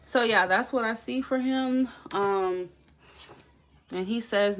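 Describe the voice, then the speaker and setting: A woman's voice: mid-range voice, takes it slowly, a little hiss or hum. Woman doing a live tarot reading, chatty and loose, laughs a lot, talks to chat like friends. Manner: chatty, laughing, addresses viewers as y'all. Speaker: tarot reader.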